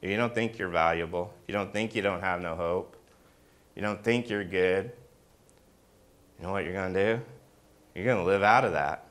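A man preaching a sermon as pastor, firing questions at the congregation and swinging from hushed lows to emphatic, rising peaks. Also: moderate pace, long pauses.

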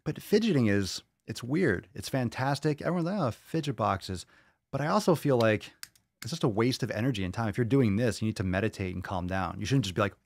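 A man with a fairly low voice hosts his podcast in an easy, rambling way. He jokes, drifts between thoughts and cuts himself off. The sound is close and dry with little room echo. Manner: joking, chatty, self-interrupting. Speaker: podcast host. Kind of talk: casual rambling chat.

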